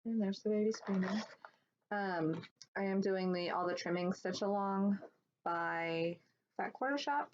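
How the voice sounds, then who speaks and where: A woman's voice: medium pitch, unhurried. A woman vlogger chatting casually at home about her stitching projects, rambling with fillers and restarts. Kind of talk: casual show-and-tell chat. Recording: dull lo-fi sound with faint background noise.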